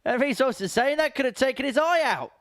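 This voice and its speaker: A man commentating live on a darts match, his voice lifting sharply when the action excites him. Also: very high voice, brisk, dry recording.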